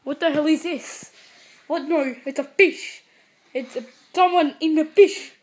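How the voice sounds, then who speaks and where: A woman vlogging as she jokingly spots animals, excitable, going from hushed to yelling. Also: high-pitched, unhurried. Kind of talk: joking mock wildlife spotting.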